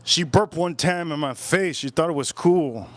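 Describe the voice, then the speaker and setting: A man's voice: on the high side, normal speed. A man hosting a casual livestream while drinking, rambling, repeating himself, and cracking crude jokes. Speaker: livestream host.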